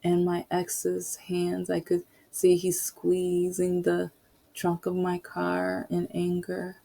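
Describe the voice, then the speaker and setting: A woman's voice: on the low side, completely flat delivery, takes it slowly, gravelly, dark tone. A woman podcaster telling a personal story in a candid, rambling way, full of asides.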